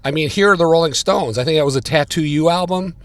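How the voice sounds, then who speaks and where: A man, a podcast guest telling stories in casual chat, getting louder and higher as he relives them. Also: fast, dry recording. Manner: animated, gets louder and higher when retelling. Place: diner.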